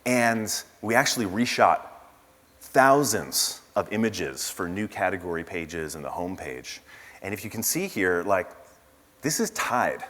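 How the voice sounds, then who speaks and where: Casting: man with a low voice, casual keynote speaker full of asides, heard in a reverberant conference hall. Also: big pitch swings, a little slow, a bit bright. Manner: casual storytelling with asides and fillers.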